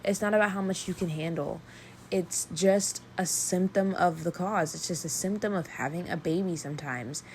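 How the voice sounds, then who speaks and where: A young woman talks straight to her listeners on a solo podcast, earnest and emphatic, stacking repeated phrases to drive each point home. Her voice sits slightly low for a woman. A faint room ambience hums behind her. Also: normal speed, a little hiss or hum. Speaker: podcast host. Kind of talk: personal solo podcast talk.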